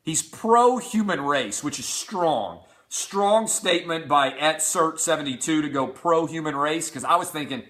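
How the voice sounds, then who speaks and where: A middle-aged man hosting a talk show, with a bright, forceful voice pitched slightly high. He reads out insulting messages and answers each one with sarcastic, profane mockery. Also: expressive, measured pace, hardly any pauses. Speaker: host. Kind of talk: reading out hate tweets.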